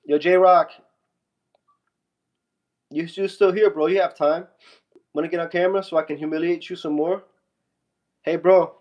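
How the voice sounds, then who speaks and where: A young man trash-talks and laughs at a viewer during a casual livestream. His nose is stuffy from a fever. His voice sits a little high. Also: fairly even intonation, normal speed, pauses often, highs cut off. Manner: mocking, trash-talking, laughing at a chat viewer.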